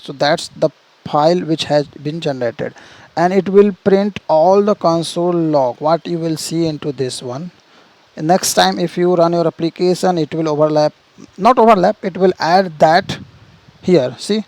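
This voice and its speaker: A man with a fairly high, warm voice teaches programming over a screen share. He explains each step in turn, keeps asking "see" and "right?", and frequently starts over mid-sentence. The recording is rough.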